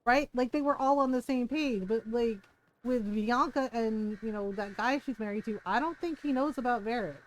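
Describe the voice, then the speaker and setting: A woman's voice: a little high, moderate pace, a little hiss or hum. A woman streamer giving casual, profane, mock-outraged commentary while playing a video game.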